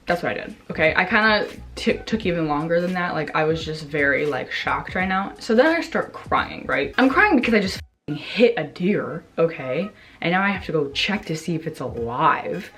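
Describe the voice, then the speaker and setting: A woman's voice: sits low, lively intonation, moderate pace, fairly bright tone, soft background music. A young woman vlogger casually telling a story to her camera, rambling with lots of fillers, swearing and acting out her own reactions.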